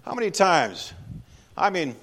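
A man's voice: sits high, sing-song, measured pace, fairly bright tone. A man preaching a sermon in a church, speaking conversationally and emphatically and putting questions to the congregation. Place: church sanctuary. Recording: long hall reverb.

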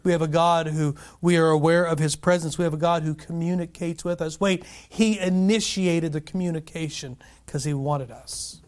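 Male pastor, earnest and animated, slightly raised natural pitch, teaches by asking the congregation questions. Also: moderate pace, few pauses. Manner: earnest and animated, frequent restarts, asks the room questions.

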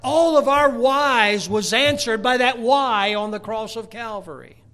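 A man with a high-pitched voice preaching a sermon. He reads scripture aloud and moves between forceful, emphatic preaching and quiet, near-whispered passages. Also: measured pace.

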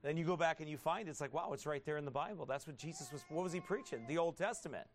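Man, pastor, sermon, fairly high voice, emphatic, rhetorical questions, slow scripture reading. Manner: reads scripture slowly in a drawn-out cadence.

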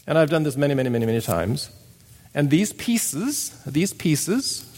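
A man preaching a sermon, emphatic and animated, telling stories and demonstrating. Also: mid-range voice, big-room sound. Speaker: missionary preacher. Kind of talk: sermon with storytelling.

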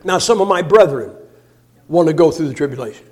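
Male guest preacher, high-pitched, folksy and jokey, swings from loud emphasis to quiet asides. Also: lively intonation, fairly quick. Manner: folksy, joking storyteller with many restarts; shifts between loud emphasis and soft, low asides. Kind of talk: sermon.

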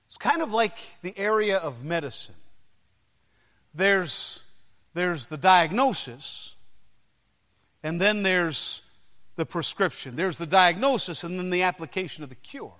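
A man preaching a sermon, telling personal stories emphatically with dramatic pauses and acted-out voices. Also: high voice, expressive, bright, forceful tone. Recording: long hall reverb.

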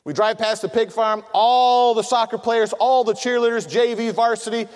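A middle-aged man preaching a sermon to men, telling humorous family stories in an animated way and acting out the voices of the people in them. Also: very high-pitched, normal speed. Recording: long reverb of a large hall.

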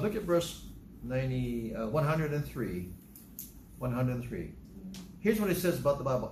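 A man of medium pitch delivers a Bible teaching sermon in an animated way, stopping to ask his listeners questions. The recording sits in an echoey room with a faint hum of ambience underneath. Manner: animated, asks the congregation questions. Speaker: preacher.

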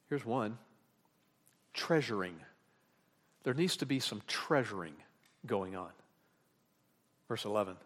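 A man preaching an expository sermon as pastor, rising to emphatic peaks and dropping into relaxed, joking asides. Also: lowish voice. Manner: animated preaching that rises in emphatic bursts, with asides.

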